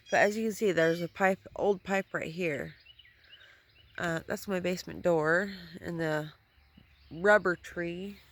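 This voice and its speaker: A woman's voice: on the low side, slight background noise. A woman giving a casual, chatty gardening vlog outdoors in her front yard, swearing at times, filmed on a handheld phone. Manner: chatty, swears when annoyed. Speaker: vlogger.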